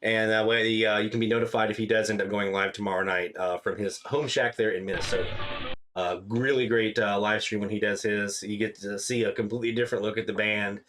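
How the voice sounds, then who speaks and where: A man's voice: lowish voice, fairly quick, soft background music. A man hosting a live radio listening stream, talking casually and easygoing with many fillers. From Louisiana. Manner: relaxed, chatty, many fillers.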